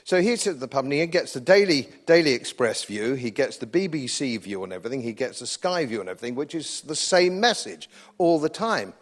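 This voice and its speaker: A man's voice: medium pitch, big pitch swings, brisk, hardly any pauses. A man with an English accent giving a live political speech to an audience, combative and sardonic, hammering points home by repeating phrases. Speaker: speaker at a public event.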